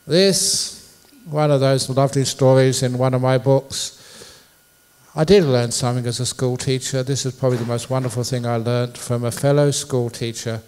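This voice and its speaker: A male monk giving a public dharma talk in a university lecture hall. His voice sits at an everyday middle pitch. He tells stories playfully and jokes with the people listening. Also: a little mellow, clear, resonant tone. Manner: playful storyteller, jokes with the audience.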